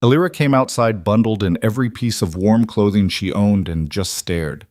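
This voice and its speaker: A man reading a western story aloud in a measured, scripted narration. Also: fairly low pitch, darkish tone, dry recording, studio quality.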